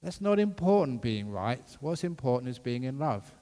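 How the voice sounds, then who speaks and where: A Buddhist monk giving a dharma talk, jovial and quick to laugh. His voice sits at an ordinary middle pitch. It carries a long reverb from the hall. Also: very animated, mellow.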